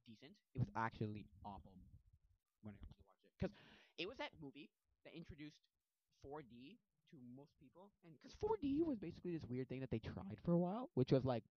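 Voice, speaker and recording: A man rambling through a casual movie recap at his computer, full of fillers and animated asides. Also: on the high side, a little fast, no echo. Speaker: movie vlogger. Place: home desk at a computer. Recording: dull lo-fi audio, dry.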